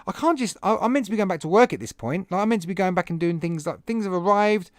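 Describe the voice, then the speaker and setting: A man hosting a podcast, telling a rambling, animated story to his live chat at home with self-deprecating asides. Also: high voice, quick pace, no echo, clean studio sound. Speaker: podcast host.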